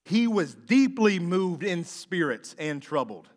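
A man preaching a sermon as pastor, moving between quiet scripture reading and loud, impassioned preaching. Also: high-pitched, big pitch swings, takes it slowly. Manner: reads scripture aloud between comments.

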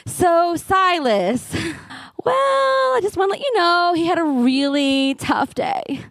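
A woman voicing a cheerful female nursery school teacher gently breaking bad news, slow and sweet. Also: extremely high pitch, very animated, gravelly, no echo, pitched above the performer's own voice, full character voice. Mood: sugary careful.

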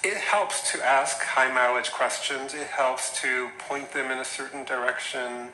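A man gives a loose, conversational lecture on health coaching, full of asides and questions to the room. His voice is very bright and forward. The room sounds echoey, with a faint hum of ambience behind him. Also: mid-range voice, fairly even intonation, a little slow. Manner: conversational, chatty with asides and mimicked quotes. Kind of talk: casual lecture to a class.

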